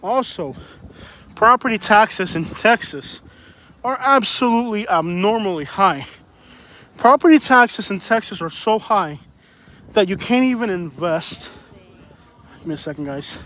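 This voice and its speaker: High-voiced, breathless man streaming outdoors. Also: animated, measured pace, bright, forceful tone, slight background noise. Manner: opinionated, emphatic, repeats himself. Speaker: livestream vlogger. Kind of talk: casual live-stream chat. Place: beach outdoors.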